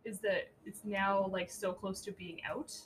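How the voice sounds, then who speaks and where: A woman's voice: medium pitch, level tone, a little slow, a little hiss or hum. A woman co-hosting a podcast, chatting casually about astrology and spirituality, swearing freely and laughing often. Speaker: podcast co-host. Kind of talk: casual chat.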